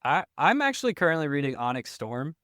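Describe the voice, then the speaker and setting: A man's voice: fairly high pitch, big pitch swings, fairly quick, sharp tone, dry recording, studio quality. A man chatting as a podcast guest, rambling and self-deprecating. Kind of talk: casual chat.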